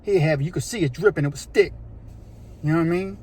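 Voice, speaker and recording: A man telling a prison story in a casual, animated, slangy way, acting out voices and sounds. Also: a little high, fast talker, husky. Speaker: storyteller recounting prison life.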